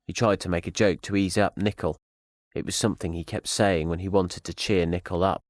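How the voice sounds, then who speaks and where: A man reading a thriller audio drama as narrator, in a steady storytelling manner. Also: sits low, brisk, dry recording, studio quality.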